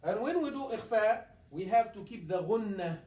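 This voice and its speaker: A high-voiced male imam, warm in tone and lively in intonation, leads a classroom tajweed lesson on reciting the Quran in a mosque. His speech is halting and filler-heavy, with repetition and recited examples. The mic is far off and the room is echoey.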